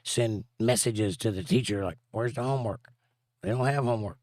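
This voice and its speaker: A man's voice: lowish voice, normal speed, darkish tone, no echo, clean studio sound. A man hosting a casual livestream, reading viewer comments aloud and joking around. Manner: reads viewer comments aloud in playful voices. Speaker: livestream host reading chat.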